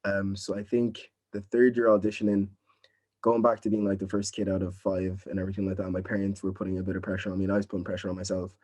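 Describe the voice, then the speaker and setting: A man's voice: low-pitched, little pitch movement, fast talker, darkish tone. Earnest young man from Nigeria. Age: young adult. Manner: earnest, encouraging, repeats "you know what I mean". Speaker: drama student. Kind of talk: casual interview answers.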